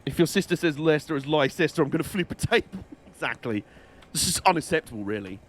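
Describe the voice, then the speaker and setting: A man's voice: a little high, big pitch swings, fast talker. Chatty man streaming a game. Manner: chatty, dry, sweary banter. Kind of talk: casual live-stream chat while gaming.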